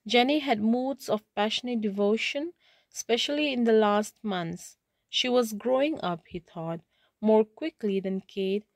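A woman's voice: fairly high pitch, darkish tone, no room sound. A woman teacher reading a story aloud, then retelling each passage in simpler words.

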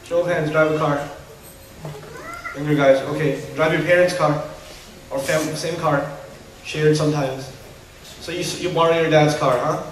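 A man preaching a sermon to parents, animated and humorous, acting out parents and kids. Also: fairly high pitch, normal speed, pauses often, slight background noise. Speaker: Muslim preacher. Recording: roomy hall echo from a distance.

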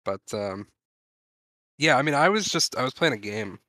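A man's voice: medium pitch, expressive, normal speed, bright, forceful tone, dry recording. A man co-hosting a podcast, laid-back and blunt, swearing freely. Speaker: podcast co-host. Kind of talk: casual podcast chat.

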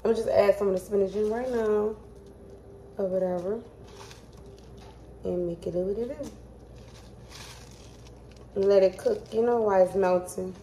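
A woman's voice: medium pitch, steady tone, moderate pace, pauses often, dark tone, slight background noise. Chatty woman in an echoey kitchen. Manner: chatty, talks to viewers as "y'all", hums while cooking. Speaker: cooking vlogger. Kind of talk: casual cooking vlog talk. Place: home kitchen.

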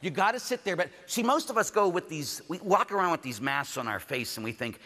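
A man, a priest, giving a conference sermon and telling stories lively, acting out the people he quotes. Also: fairly high pitch, fairly quick, few pauses. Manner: animated storytelling, acts out the people he quotes. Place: large conference hall. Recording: hall reverb from a venue PA.

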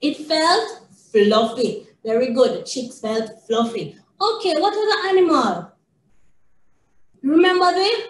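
A woman's voice: high-pitched, animated, a little slow. A woman early childhood educator reading a picture book aloud to a small child, sing-song with lots of praise and questions. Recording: echoey room, distant mic.

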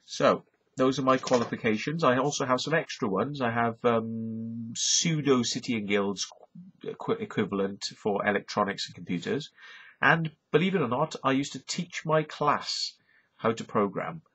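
A man's voice: mid-range voice, moderate pace, a bit bright, slightly rough. A middle-aged Welsh man with a Welsh accent, ranting to camera in a profane, combative vlog, tagging lines with "right?" and "yeah?". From Wales. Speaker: YouTube vlogger. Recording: dull lo-fi recording.

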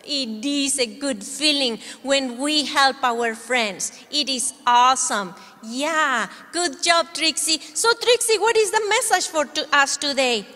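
A woman leading a kids' church lesson, talking gently and encouragingly to children. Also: high voice, measured pace, hardly any pauses, long reverb tail.

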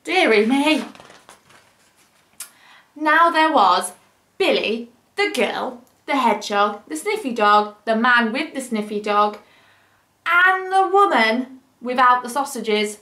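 A woman teacher reading a picture book aloud for children, adding gentle, chatty asides to young listeners. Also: a little high, expressive, takes it slowly, pauses often. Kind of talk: children's story time reading. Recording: roomy echo.

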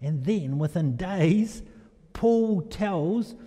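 A preacher in a church delivers an animated, storytelling sermon, turning often to the congregation with questions. His voice sits fairly high but has a mellow, dark tone. Long reverb from the hall trails every phrase. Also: drawn-out words.

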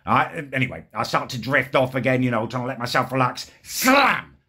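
A man's voice: mid-range voice, fast talker, pushed and bright, slightly rough. A young man telling a vlog story about his neighbour in an exasperated, sweary way. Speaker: vlogger.

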